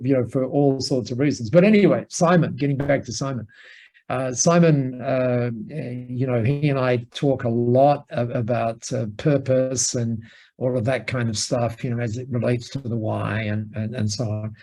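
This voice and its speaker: A man being interviewed as a business mentor, telling an animated anecdote full of asides and restarts. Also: mid-range voice, normal speed, poor audio. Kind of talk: conversational storytelling interview. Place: lives in Singapore.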